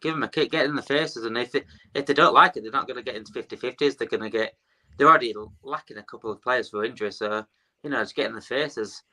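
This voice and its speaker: A man talks as a guest on a football podcast. His voice has a sharp, bright edge, and he rambles, repeating lines for emphasis. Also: medium pitch, fast talker, low-quality recording. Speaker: panel guest. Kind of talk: casual football podcast chat.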